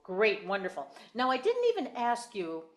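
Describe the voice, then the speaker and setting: A woman's voice: medium pitch, huge pitch swings, normal speed, soft background music. A woman voice teacher giving a singing lesson over a video call, explaining in careful detail and repeating her points.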